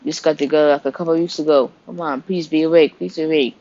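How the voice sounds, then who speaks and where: A man's voice: fairly even intonation, fast talker, darkish tone, slight background noise, lightly acted. A man voicing a panicked young man who is grieving and hurt, pleading and crying out in a spoken story. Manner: pleading, high frantic cries. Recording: dull lo-fi recording.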